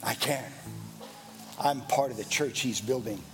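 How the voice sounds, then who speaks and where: A male pastor preaching a sermon, repeating phrases and building to loud exhortation. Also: medium pitch, measured pace. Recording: music playing behind the voice.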